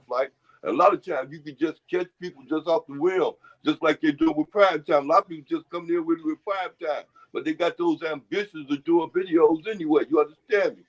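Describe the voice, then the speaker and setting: A man in casual chat who rambles, repeats himself and hands out folksy advice. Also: on the high side. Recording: lo-fi muffled audio.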